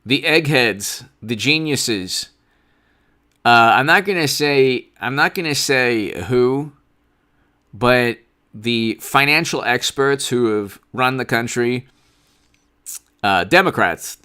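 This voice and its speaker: A man's voice: medium pitch, slow pace, pushed and bright. A man hosting a political commentary livestream, talking in a sarcastic, rambling way.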